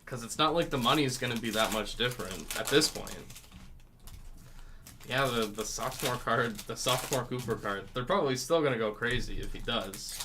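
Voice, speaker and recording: A man's voice: mid-range voice, moderate pace, noisy background. A man hosting a live card break, listing player names and chatting with viewers about sports betting. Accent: North Carolina.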